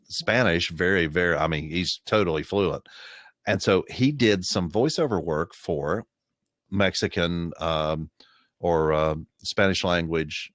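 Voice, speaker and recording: A man's voice: deep voice, fairly bright tone, dry recording, clean studio sound. An American man with an Appalachian accent, co-hosting a casual podcast chat and explaining things at length in an easygoing way. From United States. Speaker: podcast co-host.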